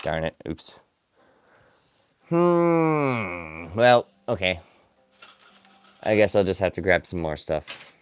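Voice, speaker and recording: Low-voiced man chatting while sculpting. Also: unhurried, long pauses, clean tone. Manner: rambling, self-deprecating, distracted by the work at hand. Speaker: stop-motion animator streaming live. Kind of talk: casual live-stream chat while crafting.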